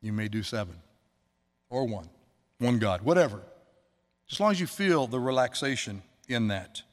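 A male pastor delivers a sermon in a loose, conversational way, tossing asides to the congregation. His voice sits at an ordinary middle pitch. It rings out with a long reverb from the church sanctuary around him. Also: expressive, normal speed.

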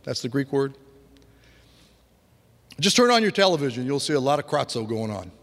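A man's voice: mid-range voice, big pitch swings, normal speed. Preacher man in a reverberant hall. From grew up on a farm. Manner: conversational, with restarts and vivid sound imitations. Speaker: pastor. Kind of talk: sermon.

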